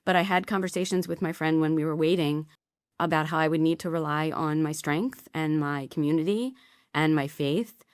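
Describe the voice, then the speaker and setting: Woman, middle-aged, podcast guest, candid storytelling, deep voice, dry recording. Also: clear, resonant tone, no echo. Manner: candid, emotional storytelling with quick asides. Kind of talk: personal story in a podcast interview.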